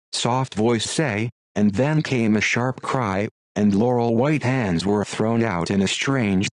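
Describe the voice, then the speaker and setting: A computer-generated male voice reading a classic story aloud, delivering narration and dialogue in the same even, machine-like way. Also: on the low side, dry recording. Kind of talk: text-to-speech audiobook narration.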